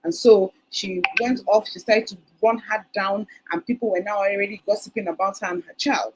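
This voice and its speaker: A woman's voice: mid-range voice, fairly even intonation, moderate pace, few pauses, a little mellow, slight background noise, low-quality recording. A woman giving a parenting talk at a conference, telling stories and acting out parents' words. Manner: storytelling, acts out parents' quotes. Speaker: conference speaker. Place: conference hall.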